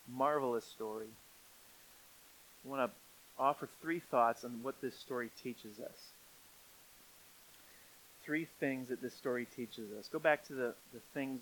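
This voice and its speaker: A middle-aged man preaching a sermon, swinging from quiet, low stretches up to emphatic peaks. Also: a little hiss or hum, rough recording. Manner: rising to emphatic peaks, then dropping quiet. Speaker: pastor.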